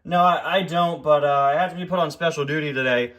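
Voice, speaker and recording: Cheerful small engine, a touch higher, flustered , voiced by a man. Toy-train parody. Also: fast, fairly bright tone, close to an everyday voice. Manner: chatty, flustered.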